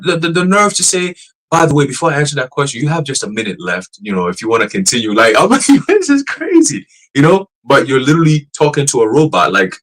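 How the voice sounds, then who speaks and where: Man, casual street preacher, profane and animated, laughs often, medium pitch. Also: low-quality recording. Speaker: church teacher.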